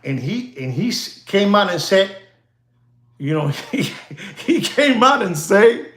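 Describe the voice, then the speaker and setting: A man chats casually to livestream viewers, rambling and repeating himself. His voice sits high and swings widely in pitch. The sound is roomy and echoey. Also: animated, measured pace, fairly bright tone. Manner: rambling, repetitive, laughs often. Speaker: watch dealer hosting a livestream.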